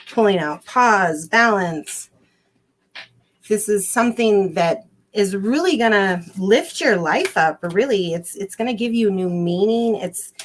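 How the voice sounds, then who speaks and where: Give me an effusive woman psychic reading cards on a livestream. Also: mid-range voice. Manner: effusive, giggly, repeats herself. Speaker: guest psychic. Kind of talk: live-streamed card reading.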